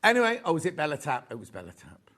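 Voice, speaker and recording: A man's voice: on the high side, wildly swooping pitch, quick pace, a bit bright. A man with a Yorkshire accent presenting fabric on a live shopping channel, chatty and gushing, full of asides. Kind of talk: live TV sales chat.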